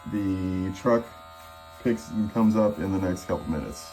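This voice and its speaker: Low-voiced young man telling a storytime vlog. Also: a little slow, a little hiss or hum. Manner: animated storytelling, acts out both sides of the calls. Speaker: vlogger.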